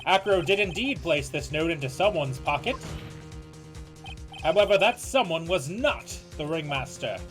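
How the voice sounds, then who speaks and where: A man's voice: on the high side, animated, moderate pace, close to an everyday voice. Man playing a young defense attorney, stiff formal court voice, game music behind. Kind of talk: fan voice reading of a game.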